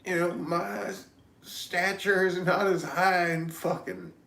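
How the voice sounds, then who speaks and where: Man, vlogger, rambling profane monologue, mumbles then shouts, slightly high voice. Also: level tone, takes it slowly, vocal fry, echoey room. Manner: profane, loose and meandering, swings between mumbling and shouting.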